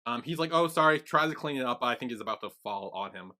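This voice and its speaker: Lively, bright-voiced man recapping a show. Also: mid-range voice, fast. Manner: lively storyteller, acts out the characters' lines. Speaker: podcast co-host. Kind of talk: casual recap chat.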